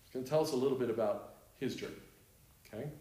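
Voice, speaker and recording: A man's voice: mid-range voice, fast, mellow. A man explaining scripture to a group in a conversational way, asking them rhetorical questions. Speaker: Bible teacher. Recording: roomy echo.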